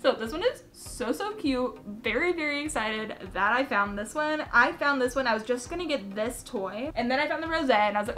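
A woman's voice: fairly high pitch, animated, fast talker, few pauses, bright, forceful tone. A young woman chatting casually in a vlog, bubbly and gushing, often giggling. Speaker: vlogger.

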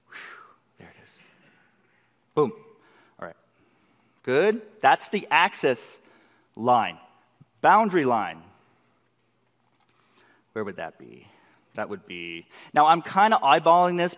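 A man presenting a live software demo class at a conference, excitable and eager, constantly tossing rhetorical questions at the audience. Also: medium pitch. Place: large conference session room. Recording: long reverb of a conference hall.

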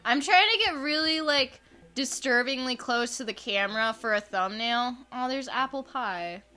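A woman's voice: sits high, moderate pace, sharp tone. A woman in her twenties giving chatty, sarcastic commentary while playing a video game, full of "like". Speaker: gaming YouTuber. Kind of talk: casual gameplay commentary.

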